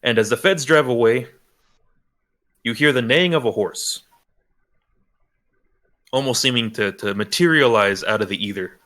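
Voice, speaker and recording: A man narrating as game master in a tabletop role-playing game, halting with many restarts. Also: mid-range voice, pushed and bright.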